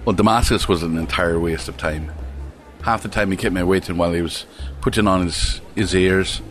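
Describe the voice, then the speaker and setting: A man voicing a brash, hard-drinking male robot with a put-on accent, loud and boisterous. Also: low-pitched, brisk, soft background music, pitched below the performer's own voice, natural voice. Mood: grumbling.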